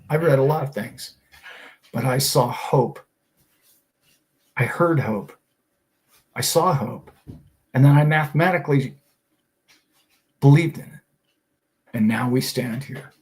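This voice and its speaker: A man's voice: mid-range voice, darkish tone. A middle-aged man hosting a finance show, talking in an enthusiastic, preachy way full of rhetorical questions. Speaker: host of a finance and crypto show. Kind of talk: casual motivational talk.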